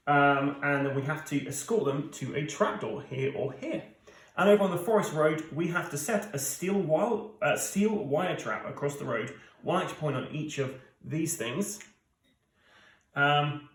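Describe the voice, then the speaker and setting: A British man in his thirties hosts a solo board game playthrough, talking straight to viewers in a chatty way packed with fillers. His voice is a little high, and the recording is rough and reverberant.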